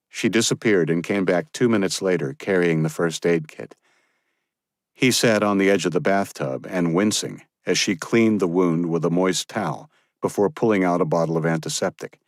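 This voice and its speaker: A male audiobook narrator with a very deep voice, reading a thriller in an even, steady way. The recording is close and dry, with almost no room sound. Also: moderate pace, no echo. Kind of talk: scripted narration.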